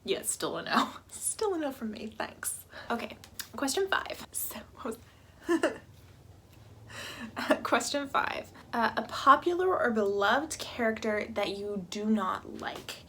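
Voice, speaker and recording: Animated woman ranting, soft whispered asides. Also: on the high side, slow, slight background noise. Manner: animated, self-interrupting, trails off into whispered asides. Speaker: book vlogger. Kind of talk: casual ranting chat.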